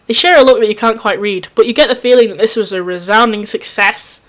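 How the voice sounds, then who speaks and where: A woman hosting a reading of fan fiction, narrating and gushing excitedly between scenes. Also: mid-range voice, quick pace, few pauses. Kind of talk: storybook narration with gushing reactions.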